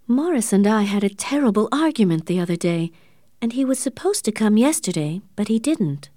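A woman's voice: very animated, fairly quick, dark tone, dry recording, studio quality. A woman reading the part of an unhappy, proud young woman, earnest and strained. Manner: earnest and strained, higher than the narration. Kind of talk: audiobook character reading.

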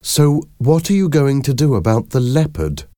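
A man putting on a shrill, fussing mother. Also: big pitch swings, normal speed, warm tone, no room sound, studio quality, close to an everyday voice. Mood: flustered.

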